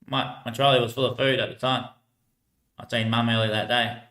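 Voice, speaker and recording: An Australian man rambling through casual stories about life on the streets, laughing often and trailing off quietly at the ends of his lines. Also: mid-range voice, flat delivery, a little fast, roomy sound. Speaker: homeless man telling stories.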